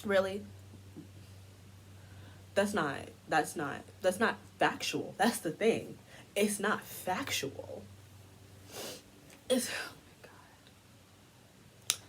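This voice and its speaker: A woman's voice: fairly low pitch, expressive, slow pace, pauses often, a little hiss or hum. A woman giving a heated commentary rant, indignant and sarcastic. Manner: indignant, sarcastic, mocking quoted voices. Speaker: commentary vlogger.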